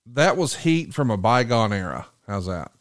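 Animated man retelling stories, dry. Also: normal speed, no room sound. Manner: lively retelling, voices quotes with jumps in pitch. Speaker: podcast host. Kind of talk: casual chat.

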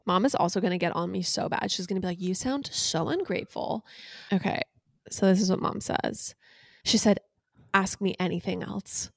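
Young woman, podcast co-host, animated storyteller, acts out the quotes, mid pitch, dry close sound. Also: moderate pace, creaky, no room sound. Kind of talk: casual chat.

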